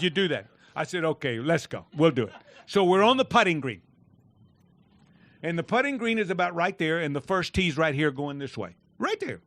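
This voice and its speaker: An older man with a drawl spins a golf yarn at a fireside chat. His voice sits a little high for a man. He laughs often and bursts into loud quoted shouts. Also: no echo. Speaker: golf pro telling stories.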